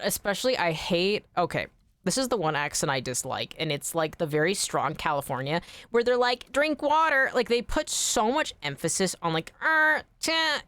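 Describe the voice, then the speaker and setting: An American woman chatting casually on a game stream, animated, swearing freely and laughing often. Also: low-pitched, no echo. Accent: General American. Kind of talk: casual chat while streaming.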